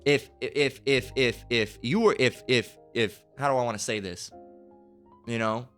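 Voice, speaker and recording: A man's voice: mid-range voice, measured pace, a bit bright, faint music behind. A man preaching a heated, profane sermon, ranting, repeating himself and firing off rhetorical questions between scripture readings.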